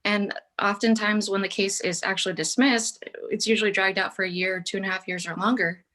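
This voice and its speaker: A woman's voice: medium pitch, fairly even intonation, brisk, bright, forceful tone, rough recording. Earnest woman pleading over a call. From Texas. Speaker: public commenter. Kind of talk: public testimony over a call. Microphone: remote call audio.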